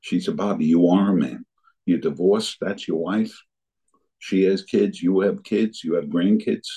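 Older man, deep low voice, husky, earnest personal recovery story. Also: measured pace, mellow, low-quality recording. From New Jersey area. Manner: earnest storytelling, acting out remembered dialogue. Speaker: speaker sharing his recovery story. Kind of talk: personal testimony talk.

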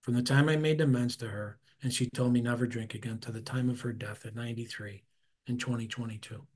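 A man, sharing his recovery story at a meeting in a candid, conversational way, often trailing off quietly. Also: medium pitch, fairly even intonation, fairly quick. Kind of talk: personal recovery share.

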